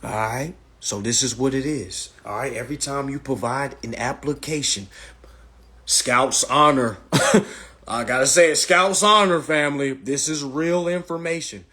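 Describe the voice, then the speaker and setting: A man's voice: mid-range voice, normal speed, fairly bright tone, husky. A man hosting a casual livestream, lecturing bluntly with lots of swearing and frequent "all right" checks. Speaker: livestream host. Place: indoors, livestream.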